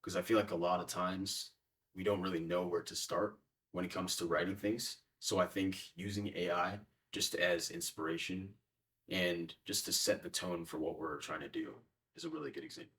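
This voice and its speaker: A man's voice: sits low, moderate pace, a bit bright, far from the mic. A young man answering interview questions in a casual, hesitant way with many fillers. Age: young adult.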